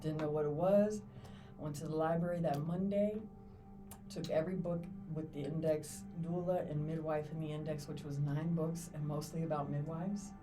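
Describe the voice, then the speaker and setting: A middle-aged woman guest on a podcast, a doula, telling her stories in an animated way and acting out the people she quotes. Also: deep voice, moderate pace. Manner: animated storyteller, acts out quotes, laughs often. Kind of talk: casual storytelling interview. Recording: distant mic with clear music behind.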